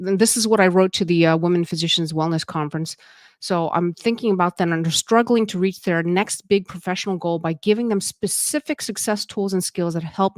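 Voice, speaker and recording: A woman with a fairly low voice gives casual instructional talk as a podcast host. She speaks conversationally, with plenty of fillers and restarts. The sound is dry and close. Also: no echo. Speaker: podcast host and leadership coach.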